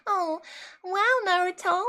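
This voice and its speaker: Sugary young anime girl, played by a woman: high, breathy, giggly cartoon delivery. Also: level tone, a little slow, bright, forceful tone, full character voice. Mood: cutesy.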